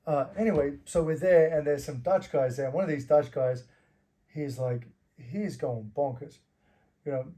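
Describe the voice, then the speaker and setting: A man's voice: fairly high pitch, normal speed, mellow. A middle-aged man from Australia, a former fighter, telling loose anecdotes as an interview guest, laughing often and swearing freely.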